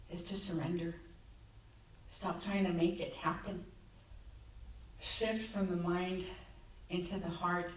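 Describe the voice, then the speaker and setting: A woman's voice: fairly low pitch, a little hiss or hum. Woman telling her story in an echoey hall. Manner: conversational, reenacts dialogue. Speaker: guest speaker. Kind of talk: personal storytelling talk. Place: church sanctuary. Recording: echoey hall, distant mic.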